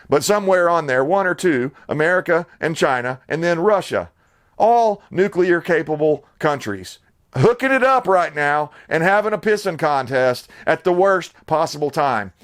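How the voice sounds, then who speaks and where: A man hosting his own channel, talking straight to camera from his suburban home in a blunt, rambling, heated way. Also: on the high side. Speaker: channel host. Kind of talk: casual to-camera commentary.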